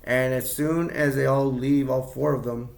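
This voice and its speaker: Rambling gravelly man recapping a film. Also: mid-range voice, fairly even intonation, normal speed, darkish tone. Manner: rambling, with many restarts and quoted imitations. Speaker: movie reviewer.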